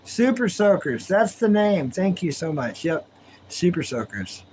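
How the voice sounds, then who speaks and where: A man's voice: high voice, big pitch swings, measured pace, a little mellow, a little hiss or hum, rough recording. A man hosting a livestream from home, chatting casually with viewers in a laid-back, drawling way and laughing often. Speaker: livestream host. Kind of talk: casual chat with live viewers.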